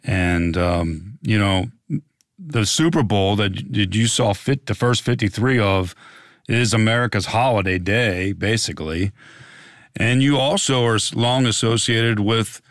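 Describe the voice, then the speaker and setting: A man's voice: on the low side, measured pace, no room sound, studio quality. A man hosting a sports history podcast, asking friendly leading questions of his guest. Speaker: podcast host. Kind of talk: interview.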